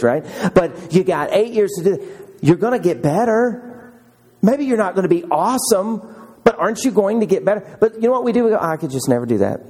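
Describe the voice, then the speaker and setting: Man, pastor, husky voice, lively sermon delivery, acts out quotes. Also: a little high. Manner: animated, acts out quoted voices, laughs often.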